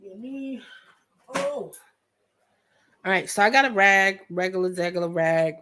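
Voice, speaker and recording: A young woman hosting a casual painting tutorial at home, chatty and joking with viewers, often clearing her throat. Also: medium pitch, fairly even intonation, a little slow, a bit bright, a little hiss or hum. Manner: chatty, joking asides, talks to viewers as friends; frequent laughs and throat clearing. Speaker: art tutorial host. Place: home studio with a fan running.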